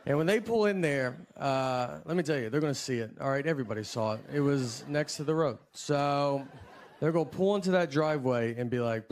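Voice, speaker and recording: Low-key rambling stand-up comedian, man. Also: brisk, a little hiss or hum. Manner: low-key, rambling, self-deprecating delivery. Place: live comedy venue with audience.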